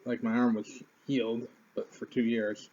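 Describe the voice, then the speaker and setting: A man's voice: medium pitch, flat delivery, normal speed, a little mellow, dull audio, a little hiss or hum. A man in his twenties, a YouTuber, telling a rambling, profane story to the camera in an offhand way.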